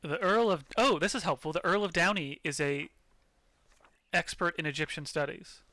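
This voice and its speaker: A man's voice: on the high side, normal speed, bright, forceful tone, dry recording. A man co-streaming a mystery game, chatting casually with dry, understated humor. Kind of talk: casual chat.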